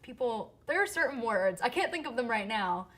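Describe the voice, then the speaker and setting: A woman singer-songwriter chatting as an interview guest, lively and quick to laugh, recorded in a theater. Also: a little high. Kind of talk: casual interview chat. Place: theater stage.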